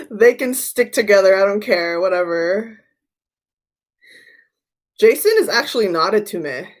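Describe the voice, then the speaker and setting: This woman's mid-range voice has a sing-song quality, and she talks slowly, pausing often. As a tarot reader running a livestream, she chats casually, rambles through stories and keeps repeating herself.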